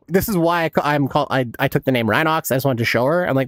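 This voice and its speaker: A man's voice: on the high side, fast talker, hardly any pauses, fairly bright tone, dry recording. A man in his thirties giving casual, laid-back gameplay commentary as a streamer, swearing a lot and laughing often. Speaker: game streamer.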